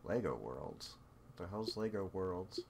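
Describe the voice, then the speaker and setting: A man's voice: sits low, animated, a little slow, gravelly, background noise. A man streaming a game and chatting casually with a teammate, full of sarcastic, self-mocking banter, on a desktop microphone. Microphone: desktop USB microphone.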